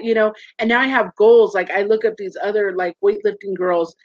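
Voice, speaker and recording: A woman's voice: medium pitch, fairly even intonation, brisk, dry recording. A woman in her thirties, a guest in a candid interview, talking earnestly and animatedly and acting out voices in her stories. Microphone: video call. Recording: dull muffled lo-fi sound.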